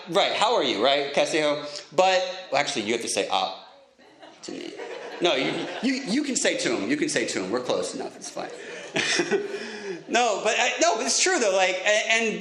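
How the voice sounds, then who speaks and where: Man, stand-up comedian, bright voice, roomy echo, chatty storytelling. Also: fairly high pitch. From United States. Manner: chatty, self-mocking storytelling with quick asides.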